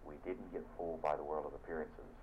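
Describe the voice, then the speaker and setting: Fervent deep-voiced male preacher, lo-fi. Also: fairly even intonation, fast. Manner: fervent, dramatic storytelling with shifts of loudness. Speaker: minister. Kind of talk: sermon. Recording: dull lo-fi recording with faint hiss.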